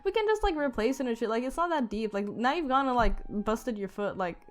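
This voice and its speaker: Woman doing a fed up mom, high and whiny, like really? really?. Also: expressive, a little fast, close to an everyday voice. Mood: exasperated. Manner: exasperated, high-pitched. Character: exasperated mom scolding her child.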